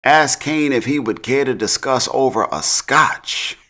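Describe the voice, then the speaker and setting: A man's voice: medium pitch, measured pace, bright, forceful tone. A man casually recapping a TV episode in slang, laughing often. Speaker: TV recap host.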